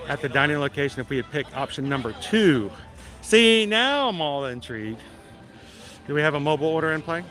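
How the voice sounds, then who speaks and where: A man's voice: fairly high pitch, big pitch swings, fairly quick, a bit bright. A man in his thirties hosting a casual live vlog outdoors at a theme park, chatty and jokey, rambling along as he goes. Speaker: livestream host.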